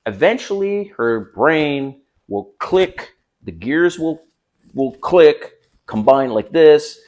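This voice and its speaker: A man's voice: a little high, lively intonation, slow, darkish tone. A man hosting his own channel, giving direct, conversational dating advice to the camera. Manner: direct, conversational, acts out quoted lines. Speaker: dating coach.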